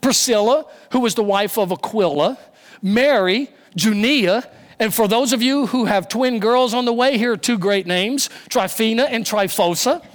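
A man's voice: high-pitched, normal speed. A man preaching a sermon, with emphatic delivery and repeated phrases that rise and fall. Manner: emphatic, rising and falling delivery with repetition.

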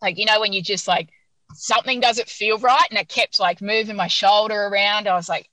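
A woman guest on an interview podcast, telling a story in an animated, casual way and laughing often. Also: medium pitch, a little fast, no echo, low-quality recording.

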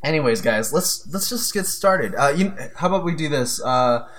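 A man's voice: on the high side, animated, normal speed, fairly bright tone. A young man co-hosting a casual podcast, chatty and loose, often stumbling over his words. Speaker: podcast co-host. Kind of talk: casual chat.

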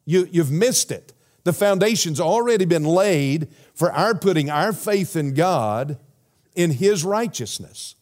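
Slightly high-voiced emphatic preaching man. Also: lively intonation, a little mellow. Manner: measured, emphatic preaching with repeated phrases and rhetorical questions. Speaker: pastor. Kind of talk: sermon.

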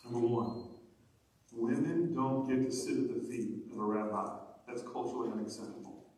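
A man preaching a sermon as pastor, animated and building to emphatic passages. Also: mid-range voice. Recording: echoey hall from far off.

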